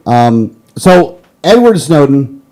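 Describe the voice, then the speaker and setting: A man's voice: medium pitch, big pitch swings, slow pace, darkish tone, low-quality recording. A man hosting a political talk show. He rants heatedly and then apologizes sheepishly.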